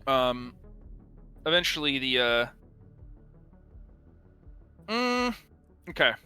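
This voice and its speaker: A man's voice: mid-range voice, big pitch swings, extremely slow, sharp tone, smooth, soft background music. A man running a tabletop game as game master, narrating casually with frequent swearing and hesitations.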